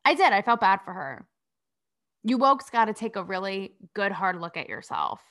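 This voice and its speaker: In a mid-range, sing-song voice that's a bit bright and at normal speed, a young adult woman from Connecticut hosts a podcast. Her casual commentary monologue is sassy and blunt, heavy on swearing and rhetorical questions.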